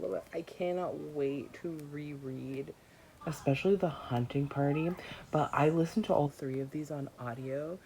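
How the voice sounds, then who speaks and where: Low-voiced woman ranting in a vlog. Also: mellow, a little hiss or hum. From United States. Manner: exasperated, emphatic ranting. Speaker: book vlogger.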